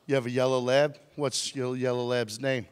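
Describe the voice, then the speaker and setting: His mid-range voice is clean and moves at a moderate pace. As a motivational speaker, he tells a live audience a funny story with animated humor, teasing crowd members, while a long hall reverb hangs on the sound.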